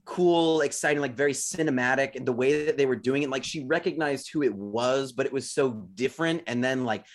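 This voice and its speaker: A man's voice: mid-range voice, brisk, a little hiss or hum. A man in his thirties co-hosting a podcast, telling a story in casual chat, full of "like" and restarts. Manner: rambling storyteller, many fillers like "like". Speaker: podcast co-host.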